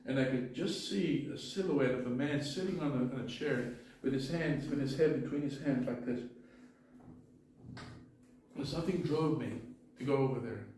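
A man's voice: medium pitch, normal speed, a little mellow, a little hiss or hum. A male pastor preaching a sermon in an earnest way, often restarting his words. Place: church sanctuary. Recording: echoey church from far off.

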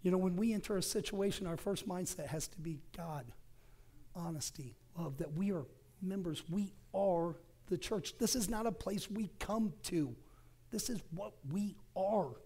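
A middle-aged man preaching a sermon as associate pastor, moving between loud bursts and soft whispered phrases, in a church sanctuary. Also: high voice, measured pace.

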